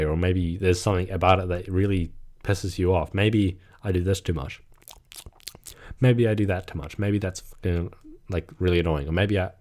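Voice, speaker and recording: Young man, solo podcast host, low voice, rambling, casual swearing, fillers, slight cough. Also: warm tone. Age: young adult. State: getting a cough. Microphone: microphone.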